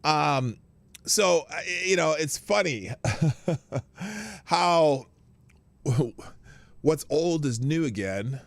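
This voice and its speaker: A man's voice: a little high, very slow, pauses often, dry recording. A man hosting a morning live stream in a casual, rambling way, greeting his viewers one by one. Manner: animated, greets viewers by name, rambling asides.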